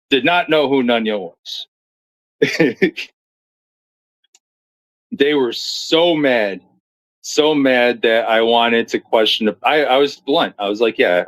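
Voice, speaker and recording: A man's voice: mid-range voice, fairly bright tone, poor audio. A man commentating on clips and reading viewer comments in a blunt, profane, storytelling manner. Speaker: streamer commentator.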